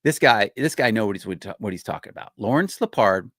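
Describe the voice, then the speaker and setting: An older man hosting his own show, commenting excitedly on a clip he plays, rambling and repeating himself. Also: on the low side, a little fast, no echo, studio quality. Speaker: host. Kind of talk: casual commentary on a played clip.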